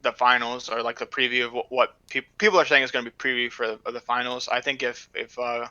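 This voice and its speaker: A man with a very bright, smooth voice chats hesitantly about esports on a podcast, leaning on fillers and trailing off. His mic sounds dull and lo-fi, and the room is dry. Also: mid-range voice, steady tone, fast, no room sound. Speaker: podcast co-host. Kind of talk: casual esports analysis chat.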